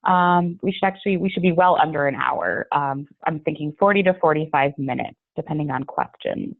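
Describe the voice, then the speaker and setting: Woman trainer, low voice, chatty with fillers, thin phone-like audio. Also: brisk, vocal fry. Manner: friendly, chatty, with many fillers. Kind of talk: online training presentation. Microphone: video call. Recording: tinny phone-like call audio.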